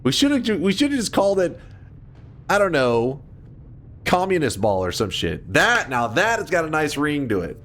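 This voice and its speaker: A man's voice: a little high, huge pitch swings, normal speed, a bit bright. A man in his thirties chatting casually on a livestream, ranting and joking with lots of swearing. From United States. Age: 30s. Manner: ranting, profane and jokey with chat.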